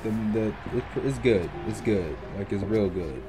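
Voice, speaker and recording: A young man giving casual, animated let's-play commentary, joking and trash-talking the game's characters. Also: on the low side, measured pace. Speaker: gaming YouTuber. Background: video game music.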